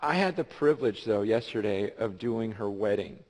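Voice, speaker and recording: A man preaching a sermon as a pastor, telling a story with animated delivery and acting out the voices of the people in it. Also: lowish voice, moderate pace. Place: large church hall. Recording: long hall reverb.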